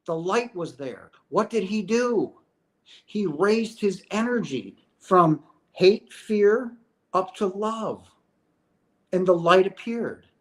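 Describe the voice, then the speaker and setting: A middle-aged man with a somewhat high voice hosts a question-and-answer session in a casual spiritual talk. He speaks earnestly and emphatically, often tagging his points with "right?". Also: animated, takes it slowly. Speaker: host answering viewer questions.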